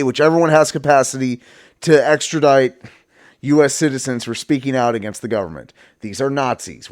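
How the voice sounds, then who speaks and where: A man's voice: fairly high pitch, a little mellow. A man in his thirties hosting a political live stream, reacting with blunt, profane commentary. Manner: angry profane ranting.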